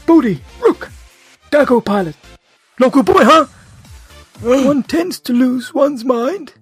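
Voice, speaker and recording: A man voicing a grizzled male rebel warlord in a halting, strained impression. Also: extremely high pitch, expressive, husky, soft background music, voice pushed up, exaggerated voice. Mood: gruff.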